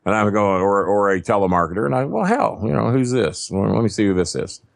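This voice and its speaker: A man's voice: fairly low pitch, lively intonation, fairly quick, vocal fry, no room sound, clean studio sound. A man, telling crude, self-mocking stories as a podcast guest. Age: 50s. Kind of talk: casual storytelling. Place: not at a desk microphone.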